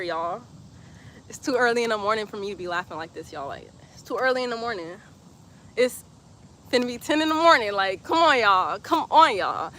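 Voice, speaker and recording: A woman's voice: fairly high pitch, bright, forceful tone, a little hiss or hum. A woman, leading a live-streamed yoga class outdoors and reading comments in a playful, chatty way. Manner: playful, chatty, laughs often, breathy cues. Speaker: yoga instructor.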